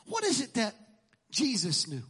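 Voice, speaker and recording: Middle-aged pastor preaching, really high voice, sharp and bright, gets loud sometimes. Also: male voice, wildly swooping pitch, unhurried, husky. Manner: emphatic preaching, sometimes shouting, acts out quotes. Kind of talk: sermon. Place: church.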